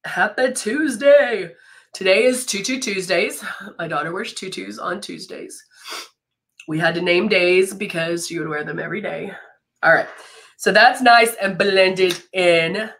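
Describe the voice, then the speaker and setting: Bright-voiced stuffed-up woman hosting a live demo. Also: mid-range voice, unhurried. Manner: chatty, greets viewers by name, laughs often. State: stuffed-up nose from a head cold. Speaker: brand educator hosting a live makeup demo. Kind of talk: live-stream makeup tutorial.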